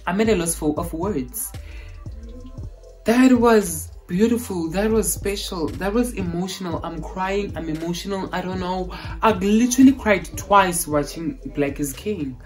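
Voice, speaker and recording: A South African woman talks slowly in a low-pitched voice, gushing and piling up exclamations. It is a casual reaction vlog, with faint music behind her. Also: darkish tone, low-quality recording. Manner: effusive, gushing, repeats exclamations. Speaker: vlogger reacting to a film.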